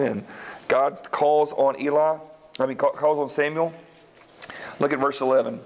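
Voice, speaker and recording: A man preaches a sermon in a church, reading Scripture and retelling it in a relaxed, folksy way. He slips into quick voices for the characters as he tells the story. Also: on the high side. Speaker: pastor.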